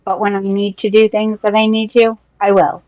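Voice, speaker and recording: A woman's voice: medium pitch, flat delivery, normal speed, a little mellow, dry recording, muffled recording. A woman playing a tabletop role-playing game, speaking in a hesitant, rambling way with many fillers. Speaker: player. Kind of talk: tabletop role-play in character.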